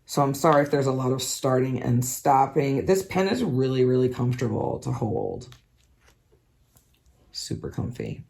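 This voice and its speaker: A hoarse woman with a scratchy throat, chatting casually to viewers in a rambling way, full of ums and likes. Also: rumbling low, very animated, normal speed, a little mellow. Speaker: craft vlogger. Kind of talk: casual chat.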